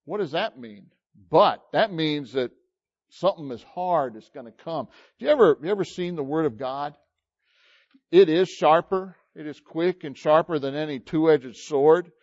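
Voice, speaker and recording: A high-voiced man preaches a sermon as if talking with his listeners, firing off rhetorical questions. He swings from loud emphasis to near-quiet asides. The sound is dull and lo-fi. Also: moderate pace. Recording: dull lo-fi recording.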